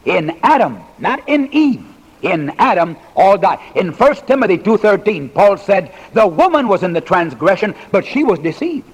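Older male pastor, sixties, folksy sermon delivery with jokes and pauses, husky, long reverb. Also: sits high, very animated. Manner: folksy humorous preaching with dramatic pauses. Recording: reverberant hall recording.

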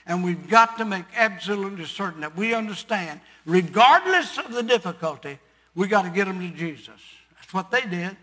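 Older man, preacher, sermon, storytelling, emphatic, bright voice, long hall reverb. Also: high voice, expressive, normal speed.

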